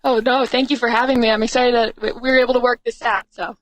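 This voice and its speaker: A woman's voice: fairly high pitch, little pitch movement, dry recording, rough recording. Upbeat young woman reporter, dry sound. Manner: upbeat, quick, frequent fillers and restarts. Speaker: sports team reporter. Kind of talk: remote podcast interview. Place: remote, away from the studio.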